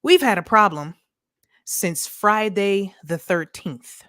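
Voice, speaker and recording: A woman's voice: medium pitch, animated, takes it slowly, fairly bright tone, dry recording, studio quality. A woman from the United States hosting a casual live stream, chatting with viewers, greeting them by name and laughing often in an upbeat, slangy way.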